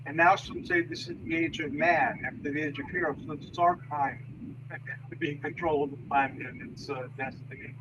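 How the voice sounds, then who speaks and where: A man's voice: a little high, steady tone, moderate pace. A man hosting a show who explains ideas in a thoughtful way. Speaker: host. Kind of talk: casual discussion of mythology. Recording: dull lo-fi sound with noise.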